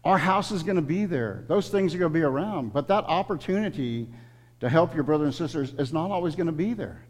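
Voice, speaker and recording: Middle-aged guy preaching, kinda high voice, earnest and emotional, long church echo. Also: lively intonation, brisk. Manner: earnest, emotional, direct appeals to the congregation. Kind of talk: sermon. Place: church sanctuary. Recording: long hall reverb.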